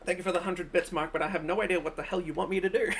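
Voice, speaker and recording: A woman streamer with a fairly low voice reacts casually to videos against a noisy background. Her live-stream commentary is blunt and profane, often breaking into laughter and exclamations.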